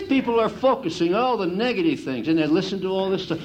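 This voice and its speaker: A middle-aged man giving a folksy lecture on handicapping to an audience, an animated storyteller who mimics the gamblers he talks about. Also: high-pitched, quick pace, few pauses, highs cut off, a little hiss or hum. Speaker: handicapping instructor.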